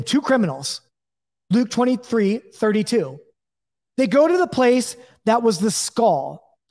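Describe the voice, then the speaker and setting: A man's voice: extremely high pitch, darkish tone, in a large hall. A man teaching a Bible lesson, reading scripture and explaining it in a conversational way, checking in with his listeners and acting out the voices he quotes.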